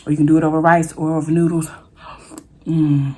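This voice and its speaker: A woman's voice: deep voice, little pitch movement, fairly quick, darkish tone, slight background noise. A woman hosting a mukbang food vlog, chatting casually to her viewers as she eats. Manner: chatty, addresses viewers as y'all, eats between words. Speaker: food vlogger.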